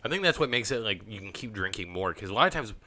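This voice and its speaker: A man's voice: fairly low pitch, animated, bright, forceful tone. A man co-hosting a beer tasting vlog, chatting casually and joking often. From Wisconsin. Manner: chatty, jokey, quick to laugh. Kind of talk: casual chat.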